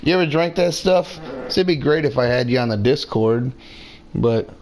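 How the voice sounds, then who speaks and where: A man's voice: medium pitch, lively intonation, moderate pace, darkish tone, a little hiss or hum. A man giving casual, rambling commentary while playing a video game, swearing freely and several beers in. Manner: rambling, profane, laid-back. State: drinking beer, several drinks in. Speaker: gamer streaming his play.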